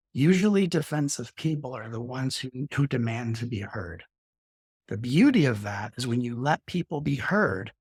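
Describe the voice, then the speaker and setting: A middle-aged man, a spiritual teacher, talking reflectively in an interview and slowing his speech to show calm breathing. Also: breathy edge, dry recording, clean studio sound. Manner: slows down and softens to demonstrate calm breathing; acts out quoted arguments with sudden rises in pitch.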